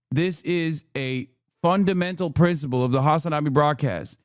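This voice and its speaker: A man's voice: fairly high pitch, no echo, clean studio sound. Sarcastic, profane man ranting. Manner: sarcastic, profane, rapid bursts of speech. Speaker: streamer reacting to a video. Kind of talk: casual livestream rant. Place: studio in the United States.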